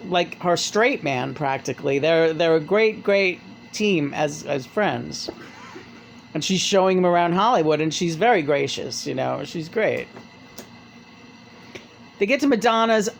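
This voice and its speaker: A podcast host chats casually while retelling a memoir, at an ordinary middle pitch. The talk rambles, swears freely and stumbles over restarts. A faint hum of ambience sits behind the voice. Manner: rambling, profane, full of restarts.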